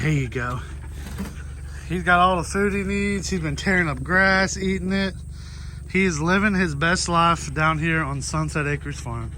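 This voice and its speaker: A man's voice: fairly high pitch, unhurried, pushed and bright. A young man who chats casually about his farm animals and coos at his dogs. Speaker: farm vlogger. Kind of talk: casual vlog narration. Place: outdoors on a farm. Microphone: wireless clip-on mic. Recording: outdoor farm noise behind.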